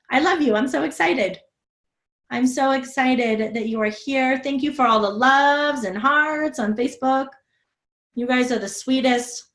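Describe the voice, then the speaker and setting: A woman's voice: sits high, a bit bright. A woman hosting a live online masterclass as a health coach, upbeat and effusive, reading out viewer comments and answering questions over a video call. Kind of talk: live webinar sales talk and Q&A.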